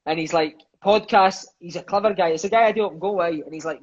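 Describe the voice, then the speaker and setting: A Scottish man in his thirties, appearing as a podcast guest, tells stories quickly and enthusiastically in casual chat, swearing freely and filling his lines with "mate" and "aye." His voice sits high, and the recording sounds muffled.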